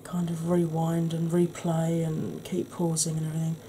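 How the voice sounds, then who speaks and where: A woman with a slightly husky voice, giving a soft-spoken ASMR makeup tutorial in a chatty, explanatory way. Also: sits low, monotone, moderate pace, a little hiss or hum.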